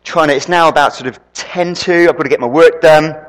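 A man preaching a sermon, an animated storyteller who throws quick asides to the congregation. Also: on the high side. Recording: long reverb in a hall.

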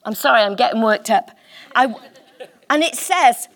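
A woman preaching a sermon in church, impassioned and emphatic, slowing down to stress key words. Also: fairly high pitch, expressive, fairly bright tone.

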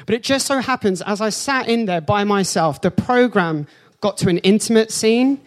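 Man, pastor, sermon, high voice, animated storytelling. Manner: animated storyteller, jumps into high excited voice for his own reactions; slows down and softens for the spiritual point.

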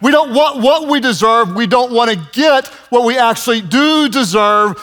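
A man in his fifties preaching a sermon, telling stories with lively, self-mocking humor. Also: extremely high pitch, normal speed. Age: 50s. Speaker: pastor.

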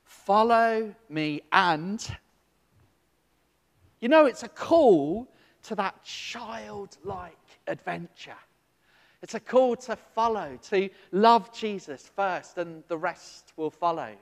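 A man's voice: high voice, lively intonation, slow, creaky, long reverb tail. A man who is a Baptist minister, preaching and telling a story, who acts out the other people's voices in his story. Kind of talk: sermon with storytelling.

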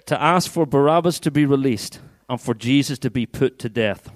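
A man's voice: medium pitch, normal speed, hardly any pauses, no room sound, clean studio sound. A man preaching as a pastor, playful and coaxing, getting the congregation to act out a Bible story. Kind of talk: interactive sermon with acted-out scripture. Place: church hall.

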